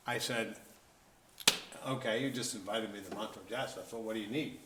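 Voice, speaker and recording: A man's voice: mid-range voice, normal speed. A man being interviewed as a musician, telling stories in a casual way with wry, self-deprecating humor. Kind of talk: casual anecdotal storytelling. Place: event venue, indoors. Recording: roomy echo, faint background noise.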